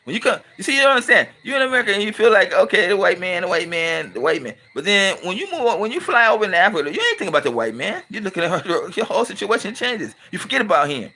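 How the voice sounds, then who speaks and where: A middle-aged man from California delivers a blunt, emphatic monologue in loose, colloquial speech. His voice sits high for a man and rings bright and forceful. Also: very animated, rapid-fire, few pauses. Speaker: channel host and commentator. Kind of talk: casual opinionated monologue.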